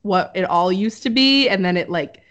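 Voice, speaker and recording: A woman's voice: mid-range voice, normal speed, fairly bright tone. Young woman podcast co-host, casual and rambling, dull lo-fi sound. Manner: chatty, filler-heavy, laughs often. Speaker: podcast co-host presenting research. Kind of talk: casual chat.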